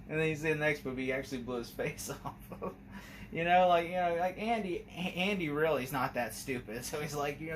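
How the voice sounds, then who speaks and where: A young man with a slightly raised pitch chats through a movie review in a loose, rambling way. He gets excitable and laughs often, acting out bits of dialogue. A faint hum sits in the background. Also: a little fast. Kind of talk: casual movie review vlog.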